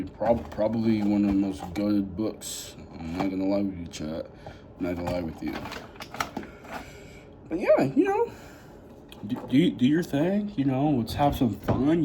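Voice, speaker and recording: A noisy background surrounds this young YouTuber's lowish voice. Chatting casually in his vlog, he rambles on with constant "you know" and "like" and keeps the hype talk upbeat for his viewers.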